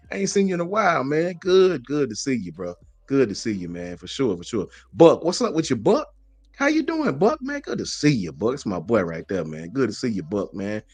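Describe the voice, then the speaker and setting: A man hosts a casual sports talk show, greeting chat viewers and ranting in slangy, animated bursts. His middle-pitched voice sounds dry and close to the mic, with no room sound.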